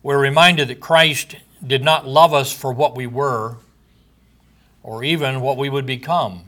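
A man, likely older, delivering a sermon slowly and deliberately, letting his phrases trail off softly at the ends. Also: mid-range voice, fairly even intonation. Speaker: preacher.

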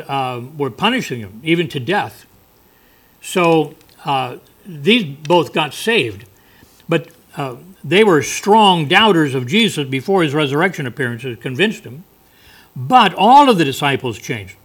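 Male preacher, folksy sermon delivery, bright and a little high. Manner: folksy, conversational preaching with asides.

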